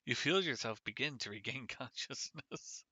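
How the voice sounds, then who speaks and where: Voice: medium pitch, animated, normal speed, pushed and bright, no room sound. A streamer narrating a dating game aloud on stream, playful and self-mocking. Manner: playful, self-mocking, laughs at own mistakes. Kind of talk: live-streamed game reading.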